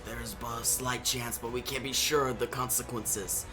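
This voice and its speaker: A man voicing an ancient dying wizard, speaking slowly in a hushed, grave tone. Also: medium pitch, fairly even intonation, over music, lightly acted. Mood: solemn. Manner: slow, hushed, grave delivery. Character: ancient dying male wizard, weary and solemn.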